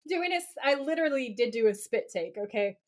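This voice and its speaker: A woman's voice: on the high side, fast talker. A woman co-hosting a podcast, recapping a TV episode in casual chat with lots of laughter. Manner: giggly, animated, laughs often. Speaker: podcast co-host.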